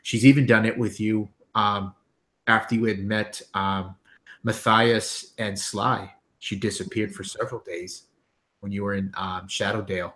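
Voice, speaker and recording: Low voiced guy game mastering, stops and restarts a lot. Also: level tone, fairly bright tone. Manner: halting, many ums and restarts. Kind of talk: narrating a tabletop game.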